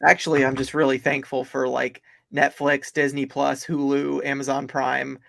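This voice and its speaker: A man's voice: mid-range voice, completely flat delivery, moderate pace, gravelly, a bit bright. A man co-hosting a livestream, chatting casually in a rambling, amused way. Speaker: livestream co-host.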